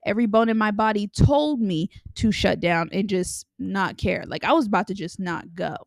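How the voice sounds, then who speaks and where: A woman's voice: mid-range voice, moderate pace, gravelly, no room sound, clean studio sound. A young woman telling a personal story in a candid, chatty way, full of likes and ums, as a podcast host. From Los Angeles area. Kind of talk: casual storytelling monologue.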